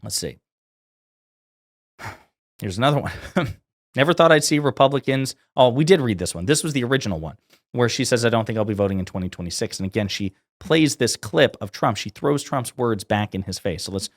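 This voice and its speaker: A man's voice: medium pitch, lively intonation, moderate pace, no room sound, clean studio sound. A man giving sarcastic, indignant political commentary as he reads out quotes and reacts to them.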